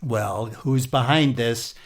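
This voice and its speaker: A man's voice: medium pitch, slow pace, close to an everyday voice. A man playing the aging patriarch Isaac, an aggrieved older man telling his story with a Yiddish-inflected accent and old-world exclamations. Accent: Yiddish-inflected English. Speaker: interviewee. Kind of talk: comedic improvised interview.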